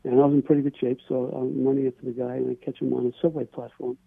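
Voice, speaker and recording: A man calls in to a radio show and tells his story earnestly, stumbling and repeating words as he goes. His voice is gravelly and a little husky, and the sound is thin and tinny like a phone line. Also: mid-range voice, level tone, fast talker, no echo. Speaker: caller. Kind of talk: telling a personal story.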